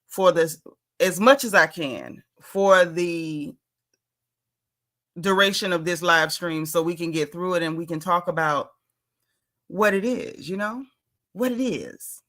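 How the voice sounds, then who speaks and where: Bright-voiced woman chatting on a livestream. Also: lowish voice. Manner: chatty, greets viewers by name. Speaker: livestream host. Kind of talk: casual livestream chat.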